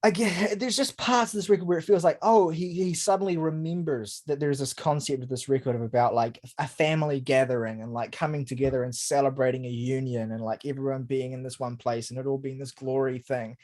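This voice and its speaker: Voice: medium pitch, fairly even intonation, brisk, hardly any pauses, darkish tone. Blunt, rambling album-review co-host. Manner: emphatic, rambling, blunt with swearing. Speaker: podcast co-host. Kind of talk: casual album review chat.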